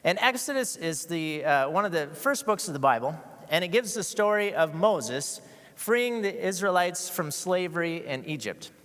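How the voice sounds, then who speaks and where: An adult male guest preacher with school-age kids gives a conversational sermon in a church sanctuary before a masked congregation. His rather high, very animated voice moves at normal speed with long hall reverb. He's casual and joking, with many fillers and restarts.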